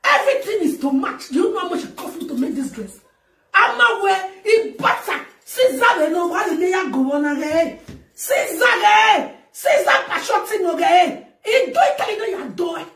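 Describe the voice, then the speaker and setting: A woman with a Nigerian accent delivering a loud, laughing, shouting rant as a talk show host. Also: very high voice, expressive, normal speed, slight background noise. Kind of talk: ranting monologue. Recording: echoey, far from the mic.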